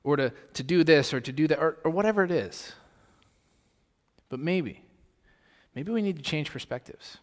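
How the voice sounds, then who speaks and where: Speaking at normal speed in a slightly high voice, this male pastor leaves long pauses in his sermon. Rhetorical questions, loud stresses and soft asides alternate, echoing through a long hall reverb.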